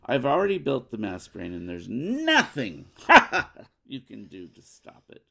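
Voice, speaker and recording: Cocky female villain for a board game playthrough, gloating and grand, gravelly edge, played by a man, a little high and loud. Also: huge pitch swings, moderate pace, heavily acted. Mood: triumphant. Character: cocky scheming female villain, telenovela-style.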